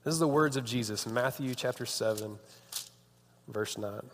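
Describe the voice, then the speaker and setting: Speaking in a mid-range voice at normal speed, a thirtysomething youth pastor delivers a chatty, joking sermon, frequently interrupting himself partway through sentences. There's a little hiss or hum, and the recording has the long reverb of a big hall.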